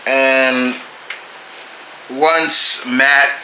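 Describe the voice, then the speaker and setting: A man casually reviewing comic books, halting and often restarting his phrases. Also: mid-range voice, fairly even intonation, pushed and bright, roomy sound, slight background noise, low-quality recording.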